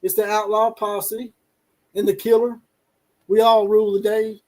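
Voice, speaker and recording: A man's voice: high-pitched, flat delivery, a little slow, darkish tone, low-quality recording. A man hosting a casual sports talk stream, teasing and trash-talking with a laugh. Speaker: show host.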